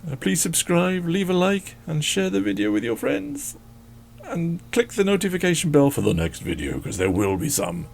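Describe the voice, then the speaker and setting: A man's voice: a little high, sing-song, moderate pace, gravelly, slight background noise. A man chatting casually as he draws, rambling and joking and talking to his dog. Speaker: drawing channel host. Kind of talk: casual chat while drawing.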